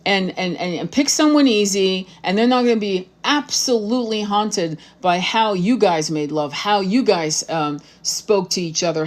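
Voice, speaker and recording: A woman streaming live as a tarot reader, speaking bluntly and with plenty of swearing. She is fiery and emphatic, circling back to repeat her points, in a voice of ordinary middle pitch. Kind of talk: live-streamed spiritual talk.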